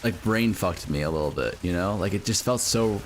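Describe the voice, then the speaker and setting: A man's voice: sits low, animated, a little fast, a little hiss or hum. Rambling American man chatting on stream. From United States. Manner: rambling, filler-heavy, swears and laughs often. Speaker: game streamer. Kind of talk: casual livestream chat with viewers.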